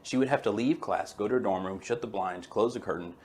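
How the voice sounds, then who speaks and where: A man with a fairly low voice hosts a webinar in a relaxed, folksy manner. He talks to his audience like friends, with easy enthusiasm and a casual storytelling flow. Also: fairly quick, slight background noise. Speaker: chiropractor hosting a webinar.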